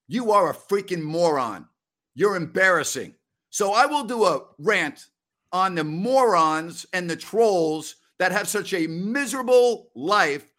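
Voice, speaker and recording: A man's voice: sits high, fairly bright tone. Fired-up middle-aged man ranting. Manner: fiery, mocking rant with put-on voices. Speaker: basketball post-game show host. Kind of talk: live-stream sports talk with rants.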